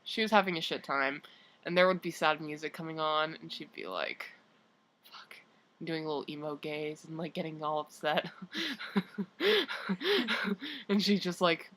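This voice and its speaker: A woman's voice: low-pitched, steady tone, moderate pace, a bit bright. A young woman chatting casually, adding laughing side comments to a friend's stories. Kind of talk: casual chat.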